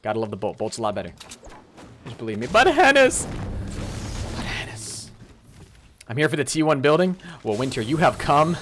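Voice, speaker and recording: Young male streamer, mid-pitched, relaxed and excitable, running live gameplay commentary, thanking chat. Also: quick pace, a little hiss or hum. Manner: casual, excitable, thanks donors and chatters. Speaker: streamer host.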